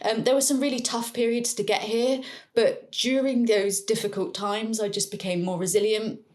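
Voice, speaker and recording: A woman guest in an interview, telling her personal story in an earnest, reflective way with soft laughs now and then. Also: a little high, fairly even intonation, moderate pace. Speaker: interview guest, neuroplasticity coach.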